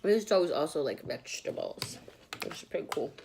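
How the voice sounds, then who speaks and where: A woman's voice: sits low, huge pitch swings, normal speed, creaky, a little mellow, slight background noise. A woman vlogger chatting casually and rambling between bites of food at home. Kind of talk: casual eating vlog chat. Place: home, at a table with dogs nearby.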